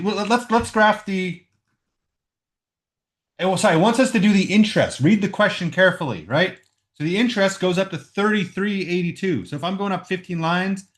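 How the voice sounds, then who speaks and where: A man who teaches math, his voice somewhat high, records a lesson at home on a computer microphone. He walks through a problem by saying each step out loud and frequently checks in with "right?".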